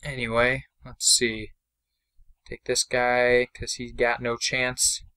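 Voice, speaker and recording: A young man giving casual, chatty commentary over his own mobile game, excitable and self-deprecating, speaking into a desk mic. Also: mid-range voice, takes it slowly, clear, resonant tone. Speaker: gameplay commentator.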